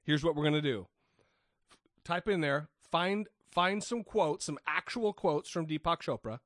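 A man co-hosting a podcast in a loose, profane way, joking and tripping over his words as he restarts sentences. His voice sits a little high. The recording is dry and close. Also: animated, a little slow, fairly bright tone, no room sound. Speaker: podcast co-host. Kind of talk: casual skeptic podcast chat.

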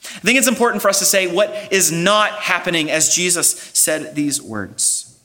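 A man's voice: high voice, moderate pace, sharp tone. A man preaching a sermon as pastor, earnest and explanatory, building emphasis as he goes.

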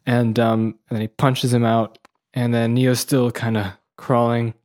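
A man co-hosting a podcast in casual chat, reading a film script aloud and acting out its lines in soft whispers and sudden shouts. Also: medium pitch, level tone, a little slow. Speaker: podcast co-host.

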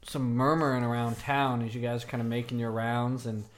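A man's voice: medium pitch, a little hiss or hum. Laid-back male game master. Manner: relaxed, halting narration with frequent fillers. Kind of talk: narrating a tabletop game.

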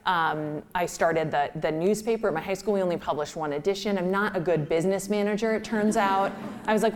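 A woman's voice: fairly low pitch, fairly quick. A woman from Minnesota, a writer telling a personal story in a chatty, self-deprecating way. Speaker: writer giving a talk.

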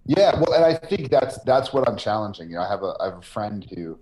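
Earnest and quick, a game designer in a podcast interview keeps ending his points with "right?", his fairly low voice sing-song and a little mellow. The line is noisy.

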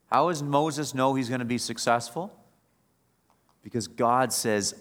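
A male pastor preaching a sermon at a middle pitch. He swings from quiet, reflective stretches to loud, emphatic passages that build in force. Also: measured pace.

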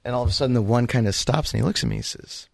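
Lively gravelly man telling a story. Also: mid-range voice, very fast, no echo, studio quality. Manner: animated, acts out quoted voices. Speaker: radio show co-host. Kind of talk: casual storytelling chat.

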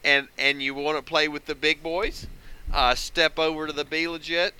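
A man appearing as a guest on a casual gaming podcast, plainly glad to be there. He talks in an easygoing, earnest way and doesn't rush. His voice comes through very bright and crisp, with a smooth resonance. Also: on the high side, little pitch movement, moderate pace, low-quality recording.

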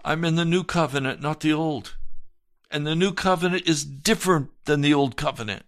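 Gravelly earnest male pastor. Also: fairly high pitch, dry recording, studio quality. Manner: earnest and emphatic, with slow deliberate phrasing. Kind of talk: broadcast sermon testimony.

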